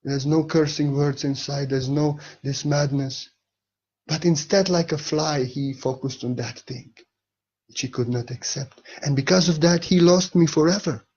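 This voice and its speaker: Husky man preaching with emphatic swings. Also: a little high, steady tone, measured pace, lo-fi sound. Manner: emphatic, swings between soft and loud. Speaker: spiritual teacher. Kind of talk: spiritual monologue.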